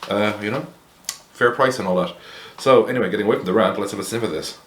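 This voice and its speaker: A man's voice: on the low side, fast talker, roomy sound. An Irish man hosting a casual beer review to camera, rambling and wry, with blunt opinions and plenty of fillers. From Ireland.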